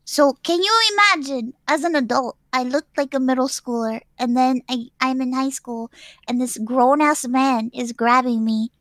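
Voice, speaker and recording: High-voiced woman telling a story. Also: moderate pace, no room sound, studio quality. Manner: animated storytelling, laughs often. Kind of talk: casual group chat.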